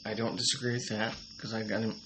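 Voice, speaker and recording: Low-voiced man giving terse opinions. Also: flat delivery, fast talker. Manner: short, plain-spoken agreements and opinions. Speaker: co-host, the father. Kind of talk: casual sports rankings chat. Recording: clear background noise.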